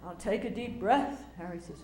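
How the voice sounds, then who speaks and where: An older woman telling stories in a casual, animated way, acting out quotes with lots of fillers and restarts. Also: medium pitch, moderate pace, roomy sound. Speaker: speaker recounting memories. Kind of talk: casual storytelling talk.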